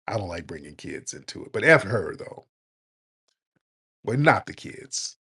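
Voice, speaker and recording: A man hosting a call-in show, blunt and joking, scolding his callers in loud, casual talk. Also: low-pitched, very animated, measured pace, breathy edge. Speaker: radio call-in host.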